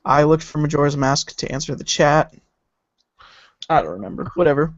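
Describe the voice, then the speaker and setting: A man co-hosting a podcast chats in a fairly high voice, excitable and easily sidetracked. The sound is dull and lo-fi, close and dry with no room around it. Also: moderate pace, no room sound. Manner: chatty, excitable, trails off while searching. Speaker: podcast co-host. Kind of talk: casual chat.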